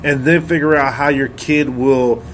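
Man, podcast host, earnest and thoughtful, mid pitch. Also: fairly even intonation, moderate pace, a little hiss or hum. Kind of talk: casual chat.

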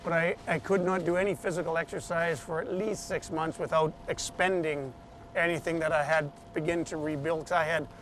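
A man being interviewed, telling a personal story in an animated way and acting out the voices of the people he quotes. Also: a little high, moderate pace, a little hiss or hum.

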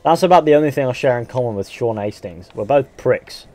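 A man's voice: medium pitch, lively intonation, brisk, dark tone. A man from England with a mixed Northern, West Country and Midlands accent, chatting bluntly and swearing while streaming a game and reading out viewer comments. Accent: English, Northern and West Country mix with a Midlands sound. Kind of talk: casual live-stream chat while gaming.

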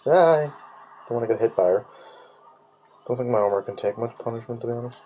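A man's voice: mid-range voice, little pitch movement, fast, lo-fi sound. A man giving casual gaming commentary while he plays, rambling, swearing freely and humming nonsense tunes. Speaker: let's play gamer.

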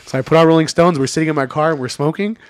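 A man's voice: on the high side, racing, no room sound, clean studio sound. A man in his thirties talking candidly on a podcast, laid-back, with lots of fillers and the odd curse word. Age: 30s. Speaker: podcast regular. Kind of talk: casual podcast chat.

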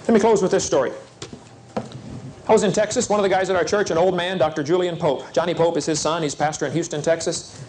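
A man's voice: a little high, steady tone, quick pace, a little mellow, slight background noise. A man preaching to young people at a seminar, folksy and urgent, acting out little scenes as he talks. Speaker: evangelist speaker.

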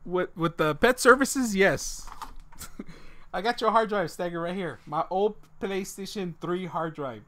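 A man's voice: high voice, a little slow, sharp tone. A man streaming live from home, joking with chat and tacking "man" onto his sentences, on a desk condenser mic with a pop filter. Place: home room with a dog.

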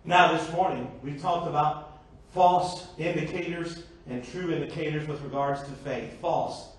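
Heard at a distance in an echoey church sanctuary, a man preaches to his congregation at a measured pace. His voice is a little high with fairly even intonation, and he mixes rhetorical questions with jokey asides.

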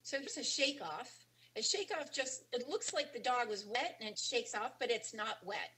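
A woman's voice: fairly high pitch, lively intonation, normal speed, sharp tone, slight background noise, poor audio. A woman teaching a webinar on dog behavior, explaining casually with frequent ums and restarts. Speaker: dog training instructor. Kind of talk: webinar lecture.

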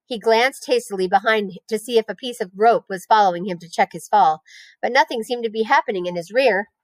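A woman, a teacher, reading a children's novel aloud in a clear, expressive storytelling voice. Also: mid-range voice, a little fast, dry recording.

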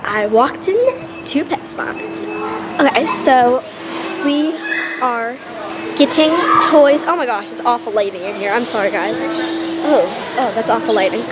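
A woman's voice: on the high side, a little slow, heavy background noise. A young woman vlogging casually on a handheld camera, gushing and bubbly with lots of fillers. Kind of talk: casual vlog. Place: out and about, stores and streets.

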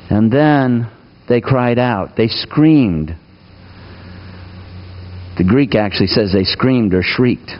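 A man preaching a sermon, asking his listeners questions and moving between raised, urgent lines and hushed asides. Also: mid-range voice, lively intonation, slow, pauses often, muffled recording. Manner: asks the congregation questions, swings between raised and hushed delivery. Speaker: pastor.

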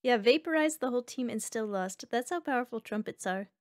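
A young woman streaming a game, chatting casually with her chat and reacting loudly to each round. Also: on the high side, lively intonation, brisk, no echo, studio quality. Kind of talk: casual gameplay commentary. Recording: faint background music.

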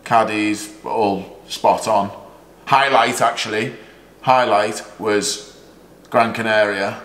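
A man's voice: fairly low pitch, fairly even intonation, slow, fairly bright tone. A man hosting a casual golf chat, talking chattily, laughing often and acting out what people said. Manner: chatty, laughs often, acts out quoted remarks. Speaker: vlog host and caddie. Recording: roomy echo, faint background.

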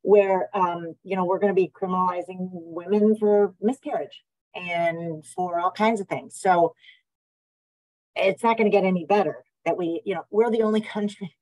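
A woman's voice: fairly low pitch, fairly even intonation, moderate pace, darkish tone, no room sound, poor audio. American woman psychiatrist speaking on a webinar. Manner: conversational, with frequent fillers and restarts. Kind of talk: webinar presentation. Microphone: video call.

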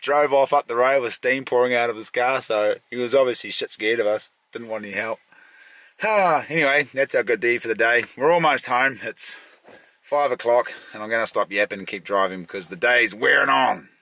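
A man's voice: medium pitch, a little fast, sharp tone. A middle-aged man with a New Zealand accent, telling blunt, laid-back stories in a casual vlog as a bush guide.

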